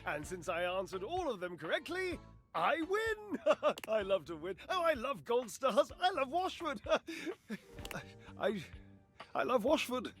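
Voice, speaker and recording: Theatrical lovelorn game character, lively high voice, big exasperated flourishes. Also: male voice, a little slow, soft background music, heavily acted. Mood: gleeful. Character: flamboyant dramatic male object, lovelorn diva. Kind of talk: video game voice acting.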